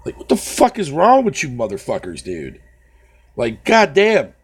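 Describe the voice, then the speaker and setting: A man's voice: medium pitch, wildly swooping pitch, a little slow, slightly rough. A man ranting profanely on a casual live stream, talking to his viewers by name and swearing constantly.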